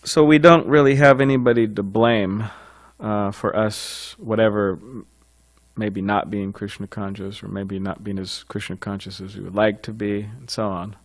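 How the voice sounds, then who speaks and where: A man's voice: on the low side, fairly even intonation, moderate pace. A man giving an informal scripture class, talking conversationally with frequent fillers and light chuckles.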